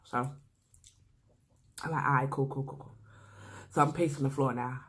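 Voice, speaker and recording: A young woman vlogger telling a casual, slangy story while eating, animated and full of asides to her viewers. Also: very deep voice, normal speed, slightly rough. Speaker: mukbang vlogger.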